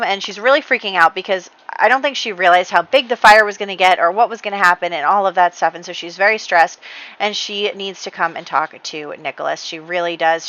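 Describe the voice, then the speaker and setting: A woman's voice: mid-range voice, fairly bright tone, rough recording. A woman hosting a game channel, telling the story of her play session in a casual, chatty way with many fillers and light laughs.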